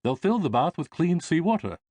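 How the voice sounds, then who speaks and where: A man's voice: a little high, sing-song, darkish tone, dry recording, voice pushed up. A man voicing a busy, friendly male ship designer. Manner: brisk, friendly.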